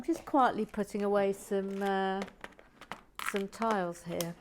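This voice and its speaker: A woman hosts a vlog, chatting casually as she builds with bricks, muttering and often slipping into whispered asides. Her mid-range voice is fairly even in intonation and takes things slowly. Background noise can be heard.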